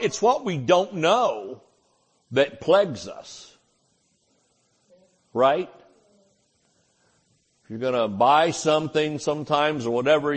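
An older man preaching with a drawl in a folksy, chuckling way. He acts out short voices and asides as he teaches. His voice sits a little high for a man. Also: husky. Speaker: pastor. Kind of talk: sermon. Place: church.

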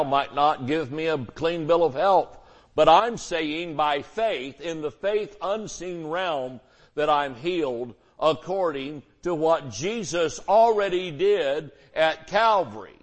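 A male pastor with a drawl delivers a sermon in a relaxed, folksy way, leaning on homespun illustrations. His voice sits a little higher than most men's.

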